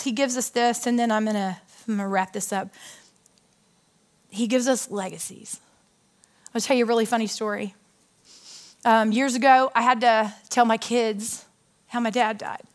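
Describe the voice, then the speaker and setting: A woman in her thirties giving a conversational, story-filled sermon from a stage, chatty and animated, often asking the audience questions. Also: fairly high pitch. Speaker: women's ministry speaker.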